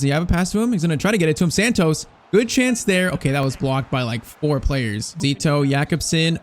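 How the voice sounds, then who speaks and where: Young man, slightly high voice, casual gaming commentary, excitable, nervous, slangy. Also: slight background noise. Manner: excitable, anxious, slangy play-by-play. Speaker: gaming YouTuber.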